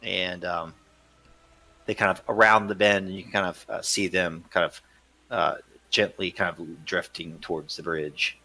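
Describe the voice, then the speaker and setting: A man's voice: low voice, steady tone, moderate pace, bright, forceful tone. A man narrating a tabletop game as game master, hesitant and full of fillers.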